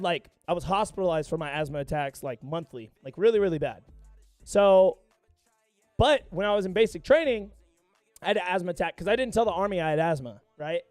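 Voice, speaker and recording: High-voiced, profane young streamer guy. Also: a little mellow, dry recording. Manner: profane, rambling storyteller. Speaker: gaming livestreamer. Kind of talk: casual live stream chat.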